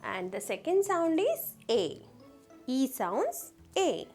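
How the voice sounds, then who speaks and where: A woman teaching a children's phonics lesson, slowly sounding out letters and asking the class questions. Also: high-pitched, very animated, darkish tone, faint music behind.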